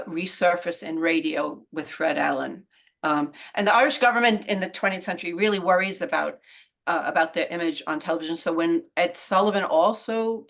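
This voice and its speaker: A woman author talking through her research in a relaxed video-call interview, thoughtful and explanatory, often trailing off mid-sentence. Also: low voice. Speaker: author and guest.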